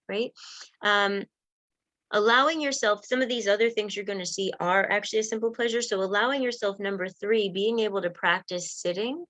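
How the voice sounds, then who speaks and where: A woman coaching listeners through self-help steps and breathing exercises in a gentle, encouraging way. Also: mid-range voice, no echo. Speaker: wellness coach. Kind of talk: guided self-help talk.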